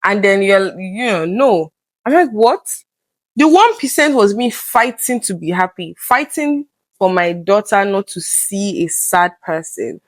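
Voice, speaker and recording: In a candid personal conversation, a woman guest speaks earnestly and openly, often reenacting past exchanges with lively voices for the people she quotes. Her voice is mid-range and unhurried, captured in a dry recording.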